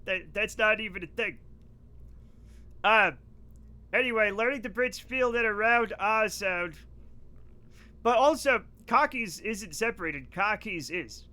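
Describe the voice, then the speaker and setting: A man from the northeastern United States with a New England accent chats casually and animatedly on a live game stream, joking with viewers. His voice sits high with a sharp tone, and he speaks unhurriedly, pausing often.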